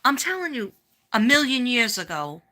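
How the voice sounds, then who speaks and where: Middle-aged New York woman, rambling livestream host, bright voice. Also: fairly high pitch, very animated, moderate pace. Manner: rambling, chatty, greets viewers by name. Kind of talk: casual livestream chat.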